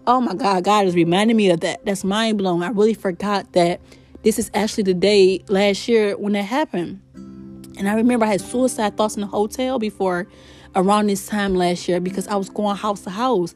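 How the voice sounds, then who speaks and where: A woman hosting a podcast, telling her spiritual testimony in an emotional, expressive way. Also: mid-range voice, brisk, soft background music. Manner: emotional, expressive, faith-filled storytelling. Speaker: podcast host.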